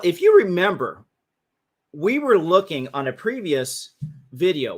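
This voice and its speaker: A man's voice: a little high, a bit bright. Man teaching on a casual livestream. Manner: casual, restarts phrases, talks through slides. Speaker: host. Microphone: livestream mic.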